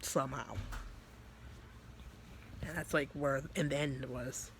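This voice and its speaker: A vlogger tells a story in a rambling way, full of fillers and swearing. His mid-range, slightly bright voice is slow and fairly even, with vocal fry and a little background noise.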